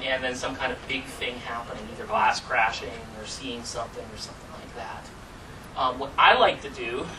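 A male magician with a mid-range voice presents a live workshop demonstration, chatty and teasing with theatrical asides. He's recorded from a distant mic with clear background noise.

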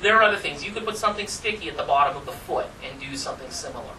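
A man's voice: fairly high pitch, expressive, racing, pushed and bright. A man giving a casual, chatty talk to a room about performing magic, laughing at his own stories. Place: room with an audience. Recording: distant mic with background noise.

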